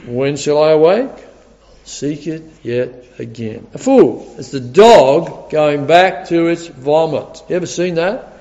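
A man's voice: fairly high pitch, takes it slowly, a little mellow. A man preaching a sermon, earnest and emphatic, often repeating his key words. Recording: dull recording with long hall reverb.

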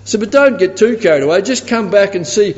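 A man with a slightly high voice preaches in a hall where the sound rings with long reverb. The audio is dull and muffled. He tells his story in a lively way and grows animated when he quotes other people. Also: fairly quick. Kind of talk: sermon with anecdote.

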